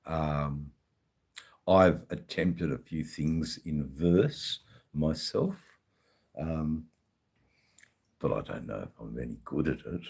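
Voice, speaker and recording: A middle-aged Australian man hosting a casual livestream, chatting with viewers in a halting way, full of ums and repeated words, swearing now and then. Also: very deep voice, expressive, vocal fry, a little mellow, breathy edge. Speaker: livestream host.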